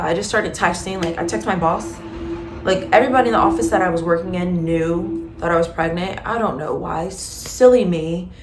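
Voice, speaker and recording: A woman with a somewhat low, conversational voice recounts a personal story as a podcast host. She speaks expressively and candidly, full of likes and ums. The room adds noticeable echo, with a faint hum of background noise. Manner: expressive, conversational, lots of fillers. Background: faint ambient noise, passing truck.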